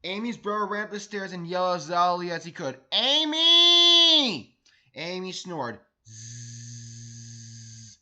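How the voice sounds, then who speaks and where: High, bright-voiced man reading a storybook. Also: fairly even intonation, fairly quick, few pauses, poor audio. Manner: enthusiastic, stumbles and repeats words. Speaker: read-along host. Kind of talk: children's storybook read-aloud.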